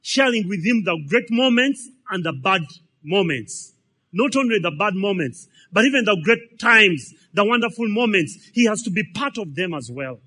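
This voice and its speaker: A man's voice: sits high, lively intonation, moderate pace, bright, forceful tone. A man, preaching a sermon in a conversational way, full of repetitions and rhetorical questions. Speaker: pastor.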